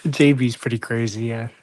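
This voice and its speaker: A co-host on a livestream, talking in a calm and reassuring way. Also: medium pitch. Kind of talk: casual livestream chat.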